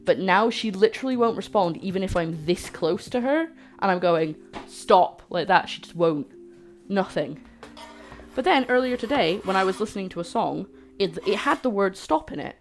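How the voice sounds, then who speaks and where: She's a cooking stream host bantering playfully with her audience as she cooks, faint music in the background. Her medium-pitched voice is expressive and moves at a normal speed.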